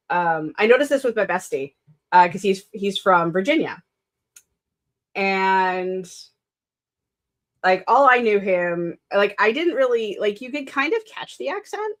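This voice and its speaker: A woman's voice: mid-range voice, a bit bright. A woman author chatting casually on a writing stream, rambling with many fillers and self-corrections, laughing often. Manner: laughs often between sentences. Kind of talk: casual chat.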